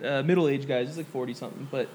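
A young man with a Californian accent, telling animated stories and swearing freely in a casual podcast chat. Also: medium pitch, fast, a little hiss or hum. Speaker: podcast co-host.

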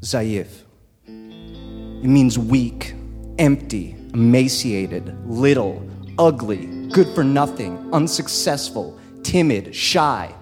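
A man telling a personal story live on stage, slow and deliberate with dramatic pauses. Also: medium pitch, lively intonation. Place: stage before a live audience. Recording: long reverb in a live hall, soft guitar behind.

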